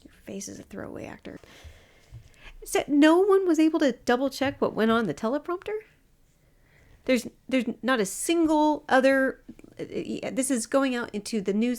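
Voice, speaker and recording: A woman co-hosting a podcast, sarcastic and quick to argue. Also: on the high side, a little mellow. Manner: sarcastic, argumentative. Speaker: podcast co-host. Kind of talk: casual chat.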